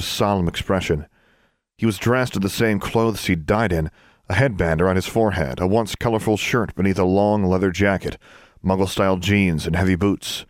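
A man narrates a fantasy audiobook in a measured, even storytelling style, his voice sitting lowish. The recording is studio quality with no room sound, and the talk is scripted audiobook narration.

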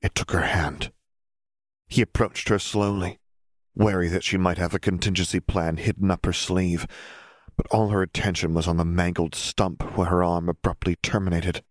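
A man reading a fantasy story aloud in a steady, measured narration. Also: deep voice, no echo, studio quality. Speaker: audiobook reader. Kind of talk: narrated fan fiction reading.

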